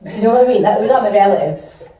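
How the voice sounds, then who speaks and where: A woman's voice: mid-range voice, lively intonation, racing, dark tone. A woman with an Aberdeen Scottish accent doing improvised stand-up comedy on a club stage, rambling, swearing and poking fun at herself. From Aberdeen, Scotland. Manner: rambling, sweary, self-deprecating. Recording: roomy and distant live club recording.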